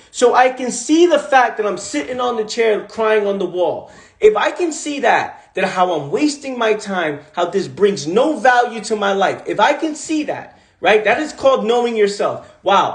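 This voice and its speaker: Emphatic Bronx man, echoey room. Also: sits high. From the Bronx, New York. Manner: emphatic, repetitive, streetwise slang. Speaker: motivational coach. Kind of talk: livestream monologue. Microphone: phone livestream.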